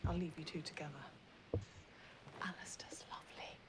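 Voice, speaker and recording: An actress playing a cheerful, coaxing care worker who introduces a volunteer to a resident. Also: female voice, deep voice, steady tone, normal speed, whispered, natural voice. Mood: reassuring. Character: brisk kindly woman care worker. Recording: noisy film soundtrack.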